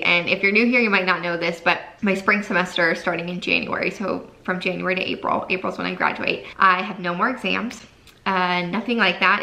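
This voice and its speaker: A young woman talks to her camera in a casual, rambling way, leaning on "like" and "freaking" as she goes. Her voice sits a little low with plenty of vocal fry. It has a bright, forward edge, and she sounds close to tears. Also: low-quality recording. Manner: chatty, lots of fillers like "like" and "freaking". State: tearful, holding back crying. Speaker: nursing student vlogger.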